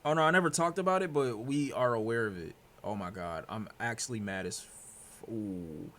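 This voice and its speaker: A young man from Detroit streaming, talking to his chat in reaction commentary, excitable and profane, dropping to mutters and bursting out loud. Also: medium pitch, a little fast, slight background noise. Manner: excitable, swearing, jumps from mutters to loud outbursts.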